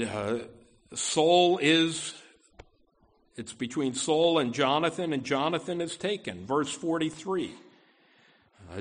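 A man's voice: a little high, a bit bright. A middle-aged man preaching a sermon, talking through scripture off the cuff with frequent restarts. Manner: unscripted delivery with fillers and restarts, quoting scripture.

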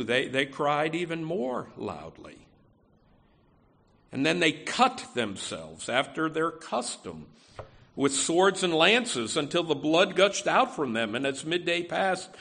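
A male pastor delivers a sermon in a loose, conversational way, peppering his talk with "you know." His voice sits a bit high and has a gravelly edge. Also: big pitch swings, unhurried, fairly bright tone. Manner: conversational preaching with frequent "you know" and restarts.

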